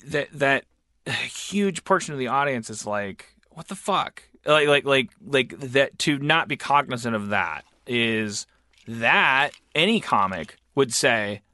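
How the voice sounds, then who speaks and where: A man co-hosting a casual podcast chat, excitable and profane, often stammering and restarting his sentences. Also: mid-range voice, unhurried, no echo. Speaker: podcast co-host.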